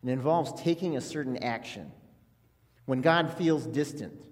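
A man's voice: medium pitch, a little slow. Pastor guy preaching casual and earnest, echoey big church hall. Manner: earnest, conversational preaching with restarts. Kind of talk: sermon. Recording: long hall reverb.

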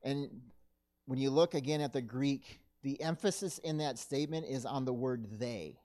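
A male pastor delivering a sermon in an earnest, measured way, sometimes correcting himself mid-sentence. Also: mid-range voice, darkish tone. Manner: earnest, measured preaching with occasional self-corrections.

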